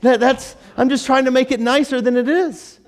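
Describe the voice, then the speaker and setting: A man's voice: very high voice, steady tone, moderate pace. A man preaching a casual sermon as pastor, chatty and joking, with frequent restarts and fillers. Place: church.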